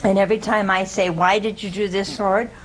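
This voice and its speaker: A woman's voice: mid-range voice, little pitch movement, brisk, a little hiss or hum, low-quality recording. A woman giving an informal sermon, quizzing her listeners, chuckling and acting out quoted speech. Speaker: religious teacher. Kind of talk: informal sermon with audience questions.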